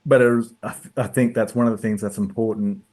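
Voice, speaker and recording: A man's voice: fairly low pitch, steady tone, fast talker, darkish tone. A man, co-hosting a podcast in casual, thoughtful chat, laughing often. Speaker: podcast co-host.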